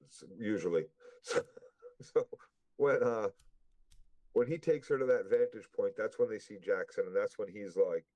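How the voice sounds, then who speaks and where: A man's voice: fairly low pitch, a little fast, warm tone, dry recording, highs cut off. Blunt swearing man in a recap chat. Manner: rambling, heavy swearing, blunt. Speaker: podcast co-host.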